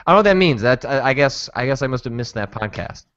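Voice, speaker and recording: A man's voice: mid-range voice, animated, fast talker, fairly bright tone, clear, resonant tone, no room sound. A man hosts a casual podcast chat and rambles through his points with hesitations. His voice sits in a middle range. The sound is dry and slightly muffled. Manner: rambling, hesitant, lots of restarts. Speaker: podcast host.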